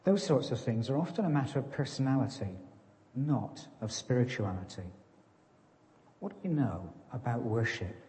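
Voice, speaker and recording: A man preaches to his congregation in an easy, conversational way, poking fun at himself. His voice is mellow and relaxed. The sound rings with the long reverb of a church. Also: medium pitch, normal speed, slight background noise. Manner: conversational, self-deprecating, plays farmer joke. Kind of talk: sermon.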